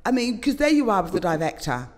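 A man with a notably high voice hosts the interview, asking careful questions. He keeps the guest going with frequent short affirmations. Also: sing-song, fast. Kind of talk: casual interview.

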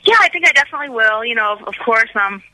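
A woman's voice: on the high side, expressive, very fast, over loud music, poor audio. A woman from the United States, a musician guest on a radio interview, talking in an enthusiastic, gushing way with lots of restarts. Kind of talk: casual radio interview chat.

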